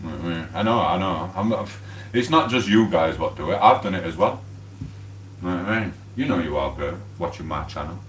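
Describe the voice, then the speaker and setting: A man's voice: deep voice, expressive, brisk. An English man rambling casually on a live stream while he cooks in his home kitchen. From England. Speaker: livestreamer. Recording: echoey room, mic at a distance, faint hum.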